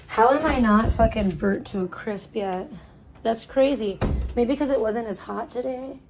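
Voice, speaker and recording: A woman's voice: on the high side, moderate pace, background noise. A woman live-streaming outdoors from her phone while tanning, chatting casually with rambling, crude jokes and muttering to herself.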